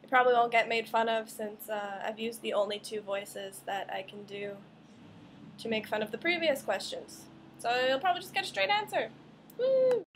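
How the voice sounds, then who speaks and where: Young woman, vlogger, high-pitched, sarcastic rants, quick asides, faint noise. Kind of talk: casual monologue to camera.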